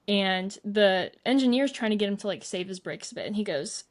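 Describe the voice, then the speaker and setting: A woman co-hosting a casual podcast, retelling stories in an animated way and swearing freely, recorded at home. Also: medium pitch, moderate pace. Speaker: podcast co-host. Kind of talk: casual chat. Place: at home in an apartment.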